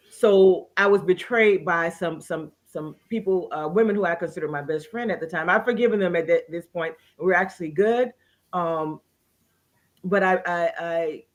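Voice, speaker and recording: Earnest woman sharing a personal story. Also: lowish voice. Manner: earnest, emotional testimony with many restarts. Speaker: guest. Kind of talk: casual interview conversation.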